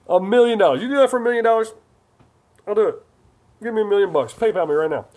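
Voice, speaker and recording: A man's voice: high voice, lively intonation, fairly quick, darkish tone. A man hosting a casual live stream, chatty and jokey as he reads viewer comments aloud.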